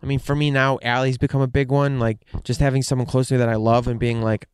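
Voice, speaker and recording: A man thinks out loud in a loose, candid monologue, swearing freely and circling back with fillers. His voice is smooth and clear, recorded close and dry. The pitch sits in an ordinary middle range. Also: flat delivery, quick pace, hardly any pauses, no room sound. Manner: candid and profane, rambling with fillers. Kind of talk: casual monologue.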